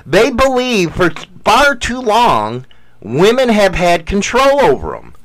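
Male podcast co-host, high and very lively, crude, boastful banter. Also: unhurried. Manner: profane, boastful, mock-preaching. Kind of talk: casual banter.

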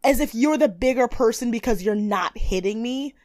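Animated young woman recapping in a dry room. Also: moderate pace, no echo. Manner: animated, acts out quotes in high voices, swears freely. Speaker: podcast co-host. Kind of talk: casual recap chat.

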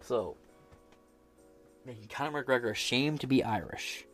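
A man's voice: medium pitch, measured pace, a bit bright, soft background music. An American man hosting a podcast, giving blunt, profane and sarcastic political commentary while reading headlines aloud. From United States. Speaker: podcast host.

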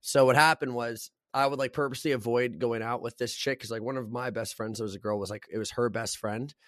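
A man's voice: mid-range voice, quick pace, no room sound, studio quality. A young man co-hosting a podcast in casual chat, telling stories bluntly and with lots of swearing. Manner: blunt, profane, animated storyteller. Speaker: podcast co-host.

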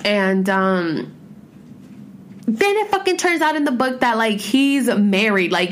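A woman in her thirties chatting casually at home as a podcast host, rambling and expressive, with heavy swearing and filler words. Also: medium pitch, a little hiss or hum. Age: 30s. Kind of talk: casual chat. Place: home room with pets.

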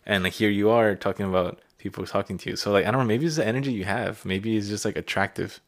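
A man's voice: fairly low pitch, fast talker. A young man from California with a Californian accent, hosting a laid-back casual chat full of "dude" and "like".

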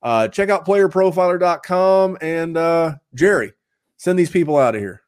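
A man hosting a fantasy football podcast, chatting casually and upbeat, rambling a little as he gives shout-outs and plugs. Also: fairly high pitch, expressive, moderate pace, smooth. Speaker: podcast host.

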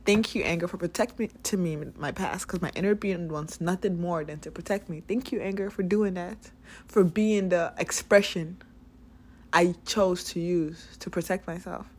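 A woman's voice: on the low side, normal speed, husky. A young woman giving a blunt, emphatic motivational talk about anger and the past, swearing freely as she goes. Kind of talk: motivational self-help talk.

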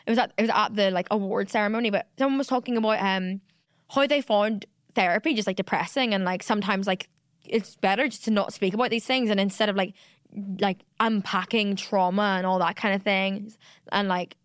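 Brief: woman, 20s, mid-pitched, confessional podcast host, lots of fillers and restarts. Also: steady tone, brisk, clean tone, dry recording, clean studio sound. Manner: rambling, candid, full of fillers and restarts. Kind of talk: solo confessional podcast monologue.

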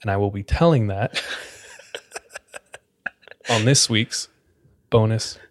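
Speaking slowly in a fairly low voice, this male podcast host recounts a creepy tale in an easygoing way. "Like" crops up again and again as he rambles through it.

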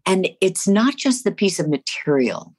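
A woman's voice: mid-range voice, very animated, moderate pace, darkish tone. A woman from New Jersey, a stage and screen actress, talking expressively and emphatically in a casual interview. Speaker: actress, guest.

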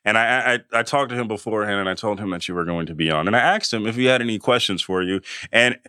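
A man's voice: lowish voice, quick pace, bright, forceful tone, smooth, dry recording, studio quality. A man hosting a podcast interview in casual chat, joking and teasing his guest playfully. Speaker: podcast host.

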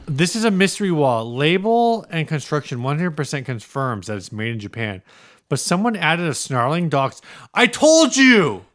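A man on a relaxed podcast, reading out a listing in a teasing, mock-serious way. His voice sits a little high for a man. He eggs his co-host on with an easy, playful manner. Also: moderate pace. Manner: teasing, reads listings aloud with mock quotes. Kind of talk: casual chat.

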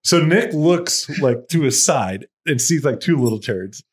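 A man's voice: fairly high pitch, lively intonation, unhurried. A man telling a story in casual podcast chat, laughing often and swearing freely. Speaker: podcast co-host.

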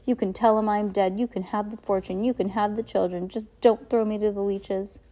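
A woman's voice: medium pitch, normal speed, dark tone, close to an everyday voice, low-quality recording. A woman reading aloud, voicing a fearful, fussy old woman who pleads nervously. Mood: pleading.

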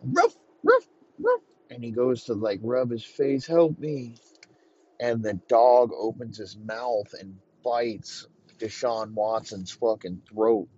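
A man narrates a crude comic tale slowly and flatly, his voice sitting on the low side. The recording is dull and lo-fi with a faint background hum. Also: breathy edge. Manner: profane, deadpan narration. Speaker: comedy podcast host. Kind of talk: improvised comic storytelling. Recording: muffled lo-fi recording.

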